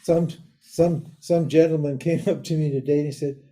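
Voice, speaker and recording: An older man giving a live lecture on a spiritual text in a casual, animated way, laughing often and mimicking other people. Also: fairly high pitch, normal speed. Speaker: Vedanta teacher.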